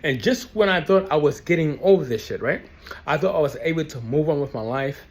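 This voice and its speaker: A man's voice: fairly high pitch, expressive, fairly quick. Young guy ranting to the camera, pissed off, cursing, says stuff twice, voice jumps all over. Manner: angry, profane, repeats his phrases. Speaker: ex-Jehovah's Witness vlogger. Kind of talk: heated personal rant to camera.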